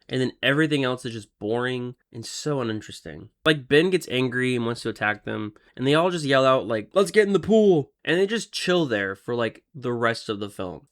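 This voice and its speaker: A man's voice: medium pitch, a bit bright. Casual blunt young-sounding male reviewer. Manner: blunt and informal, peppered with "like". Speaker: movie reviewer.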